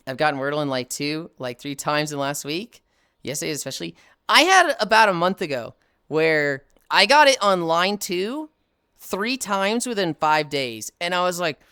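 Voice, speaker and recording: A woman streamer chatting casually while she plays, animated and swearing freely, laughing often. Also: on the low side, normal speed, clear, resonant tone, dry recording, clean studio sound. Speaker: live streamer. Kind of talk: casual chat while gaming.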